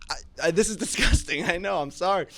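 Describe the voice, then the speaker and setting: Pria bercerita heboh, suara agak tinggi. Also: male voice, sits high, fast, vocal fry. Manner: animated storytelling, yelping and shouting. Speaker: podcast co-host. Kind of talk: casual chat.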